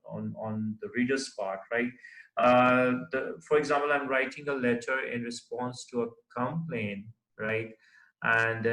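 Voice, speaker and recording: A man gives a lecture at a slow, unhurried pace. He explains carefully and keeps checking "right?" as he goes. His voice sits in a medium register, and the room has a noticeable echo. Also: mid-range voice, a bit bright. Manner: explains with many fillers and repeated checks of "right?"; writes on the board while talking. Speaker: teacher. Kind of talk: recorded classroom lecture.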